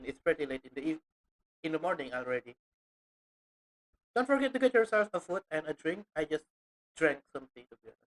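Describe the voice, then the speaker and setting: A woman's voice: low-pitched, low-quality recording. Chatty woman streaming a game. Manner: chatty, giggly, talks to chat as lads. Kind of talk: casual gameplay commentary.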